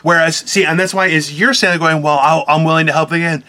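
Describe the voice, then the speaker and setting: A male comedian holding forth in a casual chat. His voice sits a little high with a bright, forceful edge, and he talks bluntly, swears freely and lays down mock-stern rules. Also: steady tone, a little fast.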